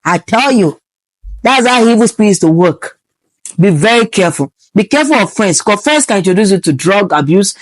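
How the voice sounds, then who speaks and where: A woman's voice: mid-range voice, no echo. Young woman, Nigerian accent, preachy vlog advice with pidgin asides, dry close mic. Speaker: medical student vlogger.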